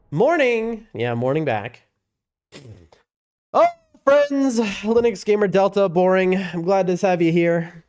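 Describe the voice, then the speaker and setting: Lively, chatty male game streamer. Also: a little high. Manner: rambling, excitable, chatting with viewers. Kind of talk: casual live-stream chat.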